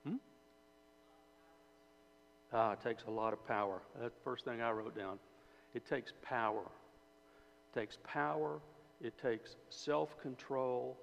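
A man's voice: mid-range voice, fairly even intonation, a little slow, vocal fry, long pauses. A man preaching a sermon in a conversational way, asking his listeners questions and often repeating and restarting phrases. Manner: conversational, asks the audience, repeats words and restarts. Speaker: preacher or Bible teacher. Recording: dull hall recording with faint hum.

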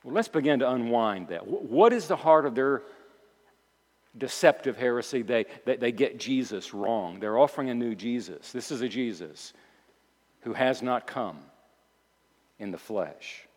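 A male pastor preaching a sermon, moving between quiet reflective asides and loud emphatic declarations, repeating key phrases for emphasis. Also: mid-range voice, lively intonation, measured pace, long reverb tail.

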